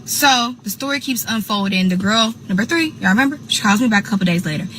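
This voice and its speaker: A young woman tells a casual storytime, animated, calling her listeners y'all and acting out what others said. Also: mid-range voice, fast, slight background noise, low-quality recording. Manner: animated, addresses listeners as y'all, acts out quoted people. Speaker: host.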